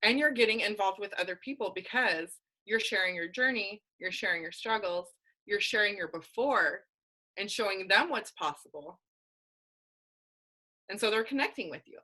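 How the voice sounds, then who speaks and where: A woman's voice: medium pitch, lively intonation, moderate pace, bright, forceful tone, rough recording. A young adult woman coach giving a candid, emphatic motivational talk on a team video call, full of casual slang. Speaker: guest speaker, fitness coach.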